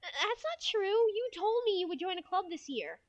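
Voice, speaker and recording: A woman voicing a bubbly, cheerful anime schoolgirl in a high, sing-song, cutesy lilt. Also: very animated, moderate pace, dry recording, muffled recording.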